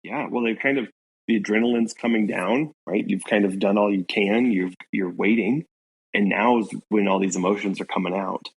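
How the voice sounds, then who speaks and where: A congested man co-hosting a podcast, talking through a novel in a thoughtful, halting way with many fillers. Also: fairly low pitch, husky, rough recording. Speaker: podcast co-host. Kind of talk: casual book discussion.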